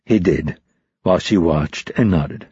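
A husky, breathy male narrator reads a novel in a measured, even first-person delivery. His voice sits on the low side, captured close and dry. The recording is dull and lo-fi. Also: no room sound. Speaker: audiobook narrator.

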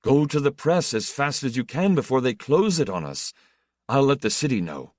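A man's voice: mid-range voice, very animated, a little mellow, no room sound, pitched above the performer's own voice, lightly acted. A man voicing a flustered, ambitious male deputy who speaks in urgent, agitated bursts. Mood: brisk. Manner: urgent, agitated, rapid questioning. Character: excitable middle-aged male politician, a deputy.

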